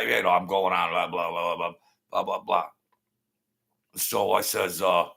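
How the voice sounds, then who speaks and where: A man hosts a live talk show from a small home setup. His voice is gravelly and pushed, with a sharp forward edge. He rambles through a story, circling back and repeating phrases as he goes. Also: low-pitched, fairly even intonation, a little slow, long pauses. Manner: rambling, repetitive, thanks viewers by name.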